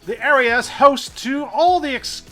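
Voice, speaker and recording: A man's voice: very high-pitched, sharp tone, soft background music, pitched above the performer's own voice. A man putting on an impression of a pompous, British-sounding luxury-lifestyle TV announcer, stretching out the grand words. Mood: grandiose. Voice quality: grand, drawn-out showman delivery.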